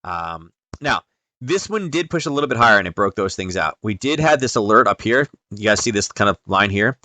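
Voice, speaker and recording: Male stream host, deeper voice, relaxed chart lesson full of ums and "right?", dead-dry mic. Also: fairly quick, no room sound. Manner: chatty, explains step by step with frequent ums and "right?". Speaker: trading educator hosting a nightly stream. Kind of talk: casual live-streamed chart walkthrough.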